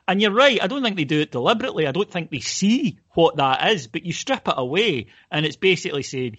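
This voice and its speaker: A man's voice: on the high side, expressive, a little fast, hardly any pauses, fairly bright tone, slightly rough. A man co-hosting a football podcast, making articulate, argued points in casual chat. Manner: articulate and argumentative. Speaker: podcast co-host.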